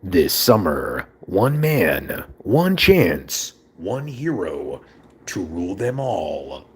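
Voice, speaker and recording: A man voicing a dramatic male movie-trailer narrator with a slow, portentous announcer delivery. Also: deep voice, very animated, a little hiss or hum, pitched below the performer's own voice, heavily acted.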